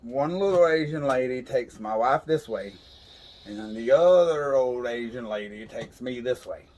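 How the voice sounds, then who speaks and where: A podcast co-host casually tells a funny story over whiskey in a laid-back drawl, laughing as he goes. His mid-range voice is animated and a little mellow, at normal speed.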